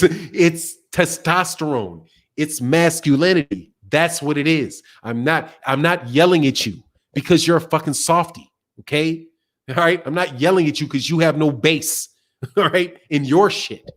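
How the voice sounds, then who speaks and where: Male live-stream host; loud, brash, profane delivery with frequent laughter; voice sits somewhat high. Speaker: boxing channel host. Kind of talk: casual live-stream rant.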